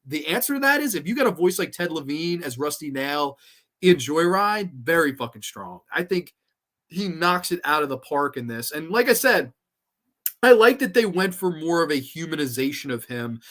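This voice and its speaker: A young man hosting a horror movie review show in an excitable, rambling, profane style. His voice sits high and sounds bright and forward. He chats casually and laughs easily. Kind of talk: casual livestream commentary.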